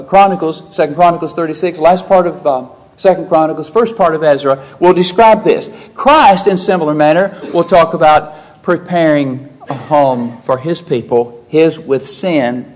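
A man with a fairly high voice preaches through a Bible passage verse by verse. He lifts his voice sharply whenever he quotes scripture, then drops back to a steady teaching tone and poses rhetorical questions to his listeners. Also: poor audio. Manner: emphatic, rising sharply when quoting scripture. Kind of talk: expository sermon.

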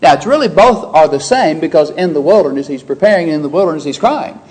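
A man with a fairly high voice preaches through a Bible passage verse by verse. He lifts his voice sharply whenever he quotes scripture, then drops back to a steady teaching tone and poses rhetorical questions to his listeners. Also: fast talker, low-quality recording. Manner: emphatic, rising sharply when quoting scripture. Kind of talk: expository sermon.

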